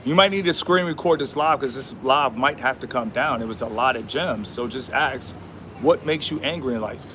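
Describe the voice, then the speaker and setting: A man's voice: mid-range voice, normal speed, sharp tone, a little hiss or hum. A man hosting a casual livestream, talking in a preachy, repetitive way with slangy speech and Bible verses. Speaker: livestream host.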